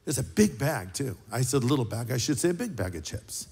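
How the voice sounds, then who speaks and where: An older man preaching a sermon as pastor, an animated storyteller with wry, sarcastic asides. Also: mid-range voice, a little fast, vocal fry, husky, in a large hall.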